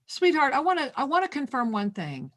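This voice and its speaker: A woman's voice: sits high, big pitch swings, brisk. Gushing spiritual radio host, a woman. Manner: effusive, calls callers sweetheart and angel; intuitive reading in a soft flowing tone. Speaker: radio talk show host. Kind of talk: spiritual talk radio with callers.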